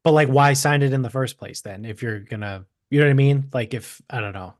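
A man's voice: mid-range voice, fairly quick, dry recording, clean studio sound. A man co-hosting a podcast in casual chat, telling a story in a rambling way with swearing and mocking asides. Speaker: podcast co-host.

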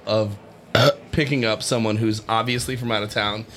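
A man's voice: lowish voice, level tone, brisk, background noise. A man riffing and laughing in casual crude banter with friends.

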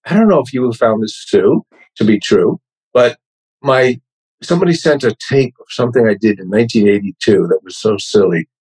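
A man's voice: on the low side, expressive, fairly quick, darkish tone, breathy edge, rough recording. A man in his sixties with a New York accent, a podcast guest telling wry, self-deprecating stories. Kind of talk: casual interview chat.

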